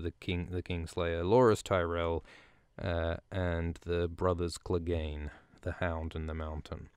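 Low-voiced man in a casual profane recap. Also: a little mellow, clear, resonant tone, dry recording, clean studio sound. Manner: rambling, profane, jokey asides. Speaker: podcast host. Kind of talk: casual book recap commentary.

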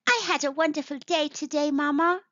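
A woman voicing a small, young boy mole in a storybook reading, with high, eager childlike cries. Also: lively intonation, slow, pushed and bright, no echo, full character voice. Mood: excited. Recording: dull lo-fi sound.

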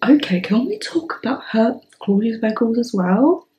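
A woman in her twenties hosting a song reaction vlog, gushing and excitable, sometimes dropping to breathy whispers. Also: on the high side, moderate pace, poor audio. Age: 20s. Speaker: reaction channel host.

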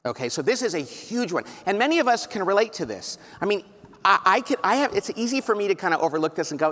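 A middle-aged man delivers a conference keynote in a big hall, his fairly high voice trailing a long reverb. He tells anecdotes with energy and slips into quick impressions of the people he quotes. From California. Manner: animated storytelling, acts out quoted voices. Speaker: keynote speaker. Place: large conference hall with live audience.

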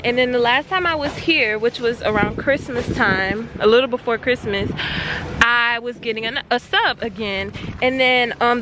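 A young woman vlogger telling a story in a casual, animated way to her viewers while loading her car outdoors, with faint traffic behind her. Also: a little high.

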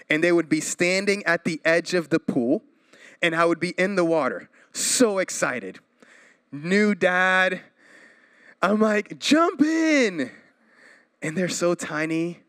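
There's no room sound as this thirty-something pastor from Florida delivers his sermon. He moves energetically through changes in pitch and loudness and tosses in playful asides.

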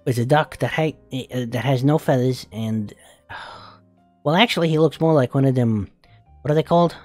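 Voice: mid-range voice, normal speed, darkish tone, dry recording, faint music behind, natural voice. A voice actor playing a crude, flamboyant male spider demon in a comedic fan reaction, swearing, giggling and cooing. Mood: amused.

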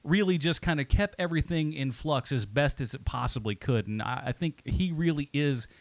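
A man's voice: on the high side, normal speed, no room sound. A man co-hosting a movie podcast, rambling and joking in casual chat. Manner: animated, rambling, jokey asides. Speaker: podcast co-host.

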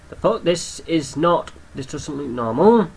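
A young man giving casual game commentary, excitable, swearing often and talking to the creatures on screen. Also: fairly high pitch, slow, gravelly, husky, rough recording. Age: young adult. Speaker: gamer commentator.

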